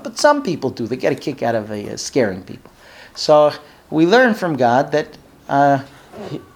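A man's voice: medium pitch, darkish tone. A man teaching a Bible lesson, telling the story with acted-out dialogue and putting questions to his listeners, sometimes repeating words as he thinks. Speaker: Torah teacher.

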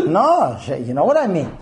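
Animated man lecturing with lively pitch. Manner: animated, acts out scenes in different voices. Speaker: teacher of a class. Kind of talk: lecture to a class.

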